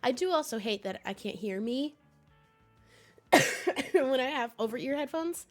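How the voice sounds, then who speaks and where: Hoarse young woman chatting with a cold. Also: high-pitched, expressive, fairly quick, faint music behind. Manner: chatty and rambling, with frequent laughs and restarts. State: hoarse from a cold, sniffly and coughing. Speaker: streamer. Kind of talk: casual chat with viewers. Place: home.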